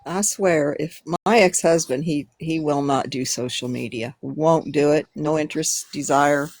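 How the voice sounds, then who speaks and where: A woman's voice: deep voice, unhurried, darkish tone, no echo. A middle-aged woman talking candidly in casual chat on a livestream. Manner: candid, laughing while talking.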